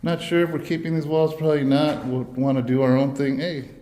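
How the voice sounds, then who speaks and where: A man's voice: a little high, little pitch movement, brisk, dark tone. Breathless man touring a church building. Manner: eager, talks straight to viewers while walking. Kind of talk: casual walkthrough vlog. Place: empty church building indoors.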